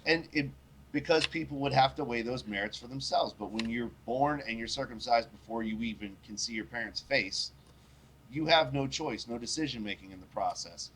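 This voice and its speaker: A man's voice: medium pitch, moderate pace, fairly bright tone, slight background noise. A man hosting a casual podcast, talking bluntly and with profanity, acting out little voices when he tells a story. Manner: blunt, profane, acts out voices in his stories. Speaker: podcast host.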